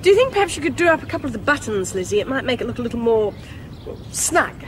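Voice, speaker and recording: An actress playing a kind, gentle female prison officer who speaks softly and carefully, in an old TV drama. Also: a little high, very animated, fast, a little hiss or hum. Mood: coaxing.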